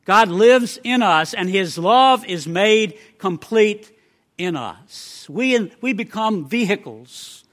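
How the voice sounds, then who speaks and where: A male preacher delivers a sermon in an emphatic way, pausing between phrases. His voice is high and bright, and he takes his time. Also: animated. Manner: emphatic, with measured pauses.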